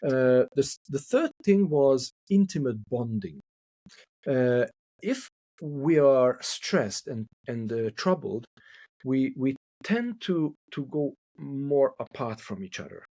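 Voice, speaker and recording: A man's voice: medium pitch, sing-song, takes it slowly, mellow, dry recording. A man from Hungary who speaks English as a second language, a couple therapist talking thoughtfully in a podcast interview and repeating words as he searches for them.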